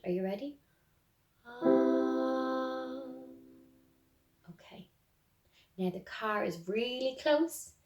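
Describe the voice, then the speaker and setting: A woman with an Irish accent teaching a music lesson to young children, speaking gently and encouragingly and singing demonstrations. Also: fairly high pitch. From Ireland. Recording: roomy echo.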